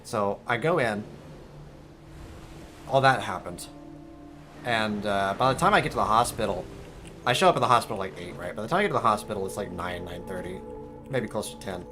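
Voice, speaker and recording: A young man streaming a game, telling a story in a casual, swearing, animated way and squeaking out high alarm noises. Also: a little fast, pauses often, faint music behind. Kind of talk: casual storytelling while gaming.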